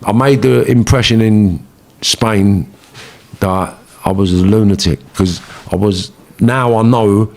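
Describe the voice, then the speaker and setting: Guest, London man, lowish voice, blunt street talk, keeps asking "you know what I mean". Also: takes it slowly, darkish tone. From England. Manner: blunt, swearing, street slang, repeats himself. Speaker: interview guest. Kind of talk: storytelling in an interview.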